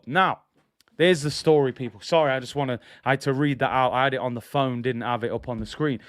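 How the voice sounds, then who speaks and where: A man's voice: medium pitch, fairly even intonation, a little fast, no echo, clean studio sound. A man hosting a casual football fan livestream, chatty and slangy. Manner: chatty, slangy, laughs at own jokes. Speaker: football channel host.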